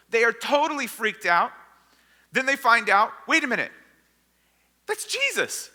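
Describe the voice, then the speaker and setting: High bright-voiced preacher in a hall. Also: male voice. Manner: storytelling, acting out the disciples and crowd. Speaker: pastor. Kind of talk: sermon. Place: church sanctuary. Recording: long hall reverb.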